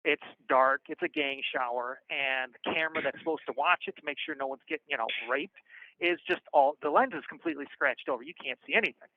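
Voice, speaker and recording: A man frankly telling stories from his past over a phone call, animated and acting out the voices of the people in them. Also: fairly high pitch, fast, slight background noise. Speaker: guest storyteller. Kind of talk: casual storytelling on a call. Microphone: prison phone. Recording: tinny phone line.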